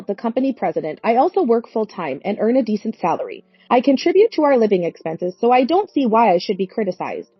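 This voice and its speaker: A woman's voice: fairly high pitch, slightly rough, no room sound. A woman in her forties narrating a story in an earnest, plaintive way. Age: 40s. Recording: dry, dull lo-fi recording.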